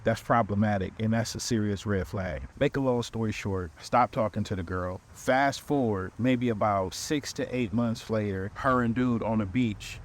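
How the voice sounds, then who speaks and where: A man hosting a podcast, telling a comic dating story in animated, slangy speech. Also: lowish voice, moderate pace, hardly any pauses. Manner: animated, slangy, quotes people with voices. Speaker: podcast host. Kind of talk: comedic storytelling.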